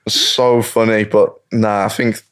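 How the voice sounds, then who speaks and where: A man's voice: lowish voice, level tone, measured pace, fairly bright tone, smooth. A man, chatting casually as a guest and telling laid-back stories. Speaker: guest, professional footballer. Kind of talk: casual chat.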